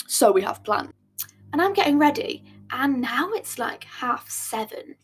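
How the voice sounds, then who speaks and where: A young woman hosting a podcast, telling a date storytime in a blunt, animated way with swearing and acted-out dialogue. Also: high-pitched, normal speed, slightly rough. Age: young adult. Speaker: podcast host.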